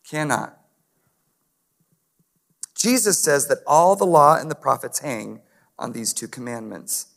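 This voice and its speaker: A man's voice: mid-range voice, sing-song, moderate pace, gravelly, fairly bright tone. A man preaching a conversational sermon, talking straight to the congregation and asking them to respond. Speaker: pastor. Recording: long hall reverb.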